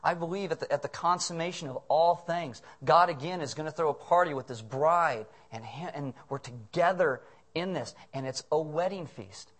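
Humorous, animated male pastor preaching. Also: fairly high pitch, normal speed. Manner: humorous, animated storytelling with acted voices. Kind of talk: sermon.

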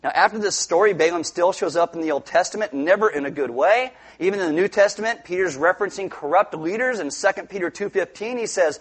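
A middle-aged man delivering a sermon in a fairly high voice. He tells the story with humor, slipping into playful voices for the characters and asking the congregation questions. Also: fast, hardly any pauses, breathy edge. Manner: animated storytelling, acting out characters with funny voices. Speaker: pastor.

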